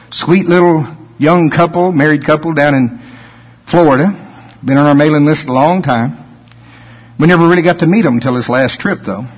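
Pastor, male, high voice, preaching sermon, hall echo. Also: husky, dull audio. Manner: preaching, building to shouted emphasis.

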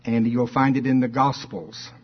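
A man preaches with fervor, his voice husky and a little breathy at mid pitch. He reads scripture with heavy emphasis and throws questions out to his listeners. The recording sounds dull and muffled. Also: fairly even intonation, normal speed. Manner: fervent, emphatic preaching with call-and-response questions. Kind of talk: sermon.

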